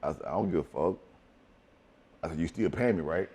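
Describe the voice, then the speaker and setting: A middle-aged man telling profane, animated stories as a guest in a shoot interview. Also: sits low, brisk, husky. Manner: profane, animated storytelling with acted quotes. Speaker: interview guest, former wrestler.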